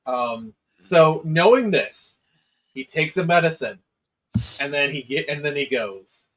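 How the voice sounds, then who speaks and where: A man co-hosting a casual movie discussion, explaining plot details in a measured way with fillers. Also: on the high side, animated, a bit bright, rough recording. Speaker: podcast co-host.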